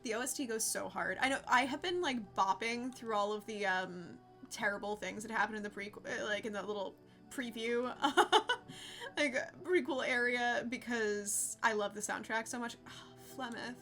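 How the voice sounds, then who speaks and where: A woman's voice: fairly high pitch, normal speed, fairly bright tone, faint music behind. A young woman streaming a game, chatting casually with her viewers and laughing often. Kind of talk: casual live-stream chat.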